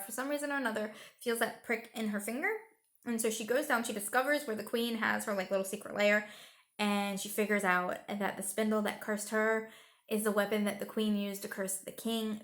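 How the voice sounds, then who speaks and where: A young woman with a medium-pitched, slightly bright voice gives a casual, rambling movie review. She sounds tired as she retells the plot emotionally, leaning heavily on fillers.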